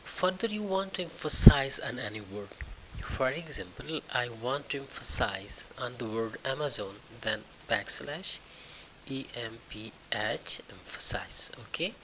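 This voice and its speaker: A man walking through a screen-recorded software tutorial, thinking aloud with halting restarts and fillers. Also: medium pitch, animated, slight background noise, low-quality recording. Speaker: tutorial instructor.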